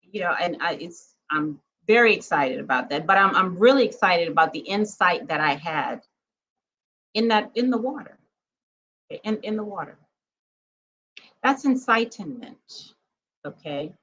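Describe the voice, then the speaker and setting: A woman's voice: on the low side, animated, measured pace, pauses often, fairly bright tone, poor audio. Emphatic woman vlogging to her viewers. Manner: emphatic, talks straight to viewers, keeps checking in with "okay?"; laughs easily. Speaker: spiritual vlogger. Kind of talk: casual vlog monologue.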